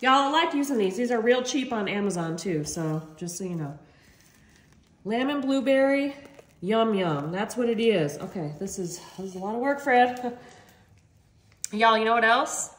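Bubbly high-voiced woman vlogger. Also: expressive, normal speed, reverberant. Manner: chatty, bubbly, constantly addresses viewers as y'all. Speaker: vlog host. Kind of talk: casual chatty cooking vlog. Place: home kitchen, then a sunny backyard chicken coop.

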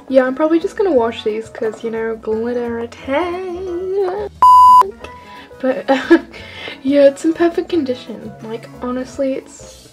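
Excitable teen girl vlogger, high mellow voice, rambling haul talk, faint music underneath. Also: poor audio. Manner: gushing, rambling, lots of "like" and "oh my gosh". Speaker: toy collector vlogger.

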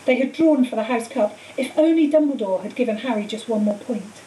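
A woman's voice: on the high side, animated, a little fast, dark tone. Woman teacher reading a storybook. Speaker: teacher reading a book aloud. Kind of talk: storybook read-aloud. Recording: echoey room, far mic, faint hiss.

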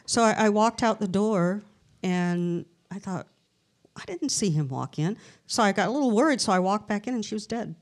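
A woman's voice: medium pitch, brisk. A middle-aged woman, a paranormal researcher, telling anecdotes in a casual live interview and acting out the dialogue in them. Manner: chatty, tells anecdotes with lively quoted dialogue. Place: historic castle hotel event room.

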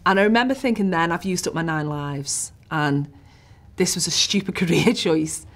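Liverpool woman, lowish voice, animated storyteller who drops to a whisper for suspense. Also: moderate pace. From Liverpool, England. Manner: animated storyteller, rising to hushed whispers at tense moments. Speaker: interviewee. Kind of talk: recounting a personal story.

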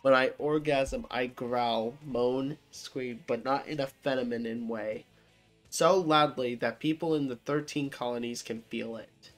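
A comedic narrator reading chat screenshots aloud, acting out both sides with wild pitch jumps and dry deadpan asides. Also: a little slow, soft background music.

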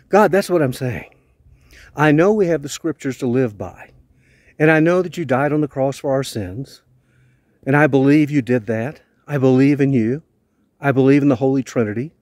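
A man's voice: medium pitch, expressive, moderate pace, darkish tone, dry recording. A man from the United States speaking an earnest, heartfelt video letter in a plainspoken, questioning way. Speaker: vlogger.

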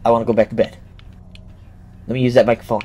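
A man's voice: medium pitch, flat delivery, fast, dull audio, a little hiss or hum. A young man playing a video game and commenting as he goes, joking and talking back at the characters. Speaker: gameplay commentator. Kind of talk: let's play commentary. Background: game music.

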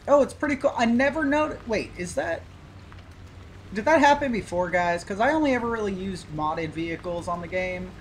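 Male gaming YouTuber, easygoing rambler, fairly high voice, loud truck engine under him. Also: animated, fairly quick, low-quality recording. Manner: rambling, easygoing, with filler and cursing. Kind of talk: casual gameplay commentary. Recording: loud game engine noise behind. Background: truck engine and game sounds.

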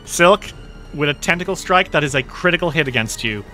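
A man's voice: fairly high pitch, lively intonation, brisk, pushed and bright, soft background music. A man running a tabletop game as game master, narrating combat vividly and reacting with groans at bad rolls. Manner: friendly, descriptive, reacts with groans.

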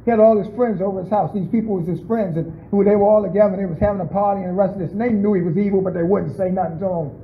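A pastor with a high voice delivers an easygoing, conversational sermon. He keeps asking his listeners questions and calls on people by name as he goes. The recording sounds tinny and narrow, like a phone line. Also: fairly even intonation, rapid-fire, few pauses.

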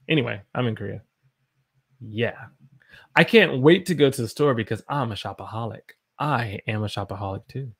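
Man, gravelly, mid pitch, playful live-stream teacher. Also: fairly bright tone. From Southern United States. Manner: upbeat, reads chat aloud, playful voices. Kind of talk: live-stream English lesson.

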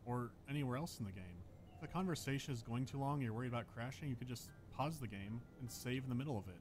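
A man narrating a scripted game review video with dry, deadpan commentary. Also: medium pitch, quick pace, soft background music.

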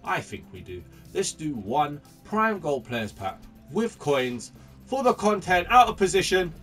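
A man commentating his own video game pack openings, chatty and excitable, greeting each new card like a friend. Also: a little high, unhurried, recorded from a distance, soft background music. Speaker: gaming YouTuber.

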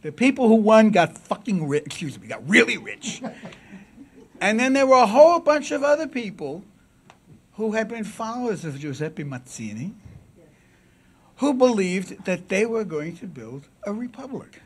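A man giving a public lecture at a symposium, with dramatic swings from loud declaiming to a near-whisper, and asides to the audience. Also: high voice, sing-song, moderate pace, slightly rough. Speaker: symposium speaker.

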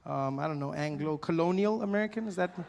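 A man performs stand-up, riffing playfully with the crowd. His voice sits high. The clip has a clear hiss of noise. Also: quick pace, a little mellow. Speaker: stand-up comedian. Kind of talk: stand-up comedy.

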